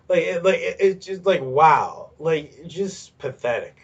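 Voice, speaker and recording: A man's voice: on the high side, lively intonation, a little slow, few pauses, breathy edge, dull audio. A man hosting a podcast on his own, ranting in a rambling way with lots of swearing and filler words. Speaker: podcast host. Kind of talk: solo ranting commentary.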